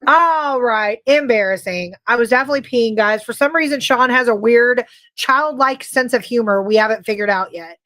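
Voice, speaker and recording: A bubbly woman co-hosts a casual livestream podcast, talking in a high, bright register. She rambles cheerfully between topics and breaks into laughter often, speaking into a desk mic. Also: normal speed, few pauses. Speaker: podcast co-host.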